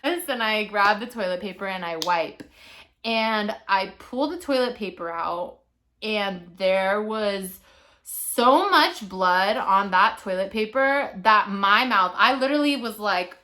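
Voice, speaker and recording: A woman in her twenties telling a personal story to her viewers in a chatty, animated way. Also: medium pitch, takes it slowly. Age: 20s. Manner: chatty, animated, lots of "like" and "you know". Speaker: vlogger. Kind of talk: casual storytime monologue.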